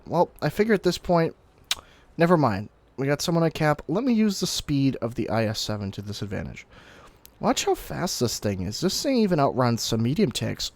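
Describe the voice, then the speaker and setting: A young man giving casual, explanatory commentary over his own gameplay, breaking into sudden excited outbursts now and then. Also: mid-range voice, normal speed, no room sound. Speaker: gaming commentator.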